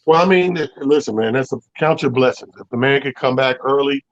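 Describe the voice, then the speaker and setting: Man, mid-pitched co-host, folksy and relaxed, dull dry recording. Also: a little fast, no room sound. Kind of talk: casual sports talk.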